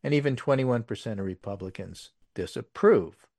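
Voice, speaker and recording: A man's voice: medium pitch, lively intonation, moderate pace, vocal fry, a little mellow, dry recording, clean studio sound. A man hosting a casual political talk show, reading poll figures with wry asides and plenty of fillers. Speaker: political podcast host.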